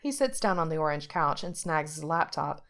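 A woman's voice: low voice, lively intonation, normal speed, fairly bright tone. A woman reading a story aloud as narrator, shifting her voice slightly for the characters' lines. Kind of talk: audiobook reading of fiction.

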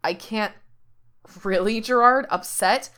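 A distressed young man torn between two people, his words spilling out in profane, emotional bursts, as a woman reads him in her own voice. The delivery is heartfelt, with the pitch sitting in an ordinary middle range. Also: expressive, moderate pace, close to an everyday voice. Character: upset, conflicted young man, quick to swear.

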